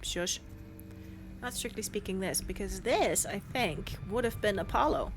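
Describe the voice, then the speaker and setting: A woman's voice: mid-range voice, lively intonation, a little slow, a little hiss or hum. A woman streamer chatting and joking as she gives casual gameplay commentary. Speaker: let's play streamer.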